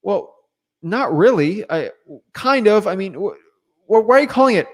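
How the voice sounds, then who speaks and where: Man playing a puzzled property heir on a cold call, hesitant and stammery, slightly raised pitch. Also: animated, moderate pace. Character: confused adult heir taking a cold call.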